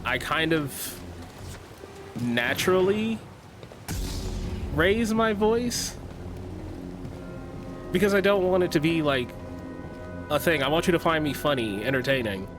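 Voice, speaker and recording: A man's voice: a little high, lively intonation, takes it slowly, long pauses, over music. A young man streaming a game, chatting casually, joking, swearing and laughing often. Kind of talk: casual livestream chat.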